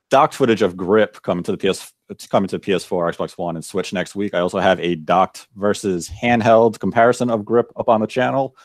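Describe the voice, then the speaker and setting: Low-voiced man guest, dry sound. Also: dry recording. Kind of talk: casual chat.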